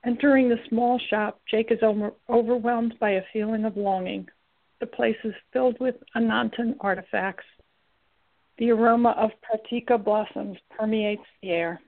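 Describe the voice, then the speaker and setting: A woman narrating a story in a steady, even reading. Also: a little high, normal speed. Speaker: audiobook narrator. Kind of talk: scripted narration. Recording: tinny lo-fi recording.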